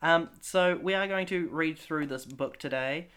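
A podcast host chatting casually and reading a gamebook aloud with playful, animated delivery. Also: mid-range voice, unhurried, slight background noise.

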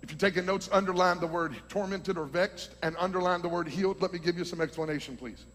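A fervent preacher man with a very high voice and a husky edge, swinging from teaching to shouted exhortation. His voice rings with the long reverb of a large hall. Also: fast talker. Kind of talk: preaching a sermon.

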